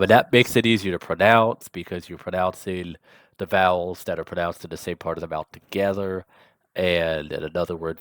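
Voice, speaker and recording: Recorded dry in studio quality, a deep-voiced man teaches a language lesson, chatting casually while articulating each word with care and dropping offhand remarks along the way.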